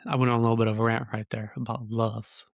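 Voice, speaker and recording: A man's voice: lowish voice, level tone, quick pace, gravelly, no echo. A man hosting his own podcast, delivering an earnest, heated monologue full of rhetorical questions into a close microphone. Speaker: podcast host. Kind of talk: ranting solo podcast monologue. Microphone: podcast mic close up.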